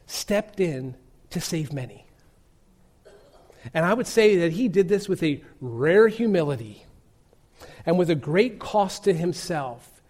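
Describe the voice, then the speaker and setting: A man preaching a sermon, telling a story earnestly with emphatic pauses. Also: sits high, darkish tone.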